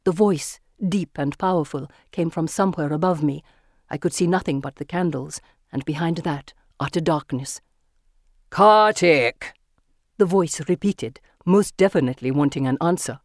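Measured first-person storybook narrator. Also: medium pitch, mellow, no room sound, studio quality. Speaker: audiobook narrator.

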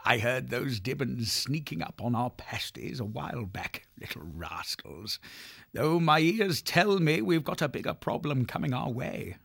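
An actor playing an old, blind male mouse herbalist in a full-cast audiobook, gentle and knowing, with a gravelly, husky voice. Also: medium pitch, moderate pace, few pauses. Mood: wry. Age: older.

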